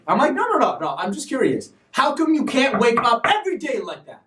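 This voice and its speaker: A man hosting a live stream show, talking in an animated, preachy way with sudden loud bursts. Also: very high-pitched, brisk, roomy sound, far from the mic. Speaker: show host. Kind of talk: energetic live-stream talk.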